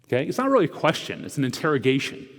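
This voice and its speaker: A man preaches a sermon in a casual, conversational way, peppering it with rhetorical asides. His voice sits in a middle register and moves between quick, loud bursts and hushed, drawn-out phrases. A long reverb from the church sanctuary hangs on every line. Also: medium pitch, wildly swooping pitch. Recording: echoey church hall.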